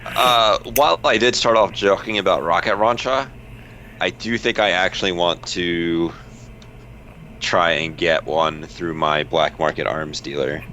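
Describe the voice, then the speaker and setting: A man's voice: low voice, unhurried, bright, forceful tone. A man playing in a tabletop role-play session, hesitant and full of fillers. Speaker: player. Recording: dull lo-fi mic with faint noise.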